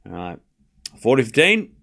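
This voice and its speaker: A man's voice: mid-range voice, wildly swooping pitch, moderate pace, creaky, bright, forceful tone. A man hosting a live tennis watchalong, chatting casually with viewers and calling out scores in a jokey, rambling way. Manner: chatty, jokey, calls scores while reading chat. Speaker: watchalong host.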